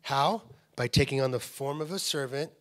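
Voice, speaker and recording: A middle-aged man preaching a sermon as a pastor, talking in a loose, conversational way as he tells stories, and dropping to a hushed whisper to make a point. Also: mid-range voice, moderate pace. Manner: conversational storytelling, drops to a hushed whisper for emphasis. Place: church.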